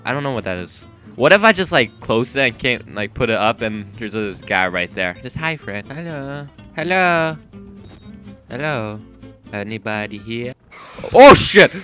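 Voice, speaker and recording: A young man giving jumpy, profane commentary while playing a horror game, yelping and shouting when startled. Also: mid-range voice. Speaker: gaming YouTuber. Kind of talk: horror let's-play commentary. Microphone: gaming mic with headphones.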